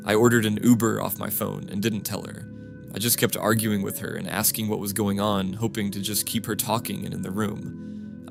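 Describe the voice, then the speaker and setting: A man reading first-person stories aloud as scripted narration, in a steady, flat reading manner. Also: on the low side, vocal fry. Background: music.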